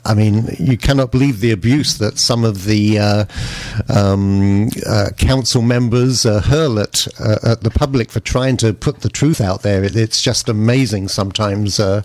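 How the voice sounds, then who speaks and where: A man hosting a community radio interview, speaking haltingly with many fillers and restarts and praising his guest effusively. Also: lowish voice, a little mellow, no room sound. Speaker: radio host.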